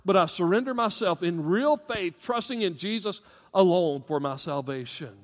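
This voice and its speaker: High-voiced preaching man in a reverberant hall. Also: moderate pace. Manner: animated, emphatic preaching with asides to the congregation. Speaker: pastor. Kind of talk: sermon.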